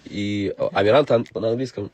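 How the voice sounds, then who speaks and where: A man's voice: on the low side, fairly quick, a little mellow, dry recording, lo-fi sound. A man with a Russian accent, hosting a casual livestream from a recording studio, talking loosely with lots of swearing and laughter. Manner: loose and profane, laughs often. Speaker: stream host and rapper.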